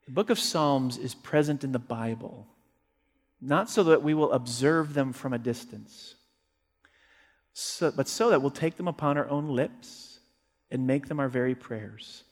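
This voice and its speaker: A male pastor preaching a sermon, emphatic, swinging between forceful peaks and quiet low passages. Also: long reverb tail.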